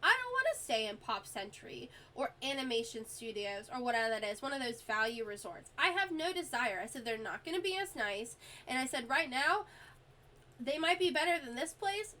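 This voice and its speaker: Chatty high-voiced woman with a cough. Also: big pitch swings, brisk, sharp tone. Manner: chatty and exasperated, lots of "like" fillers. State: sick with a cough. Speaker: streamer. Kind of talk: casual chat, storytelling.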